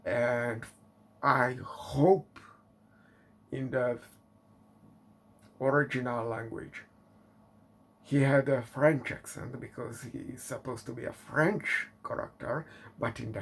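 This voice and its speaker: A man reviewing a movie in English, often asking exasperated rhetorical questions and filling pauses with fillers. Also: mid-range voice, vocal fry, slightly rough. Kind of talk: casual spoken movie review.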